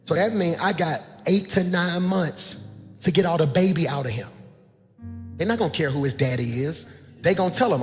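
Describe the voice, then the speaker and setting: A pastor, preaching a sermon that swings from soft talk to shouting. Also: male voice, a little high, moderate pace. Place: church sanctuary. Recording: long hall reverb, faint music.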